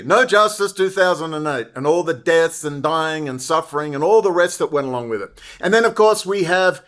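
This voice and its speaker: A man's voice: a little high, lively intonation, a little fast, hardly any pauses, a bit bright. A man delivering an angry, profane, sarcastic commentary monologue, repeating rhetorical questions. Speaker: political commentator.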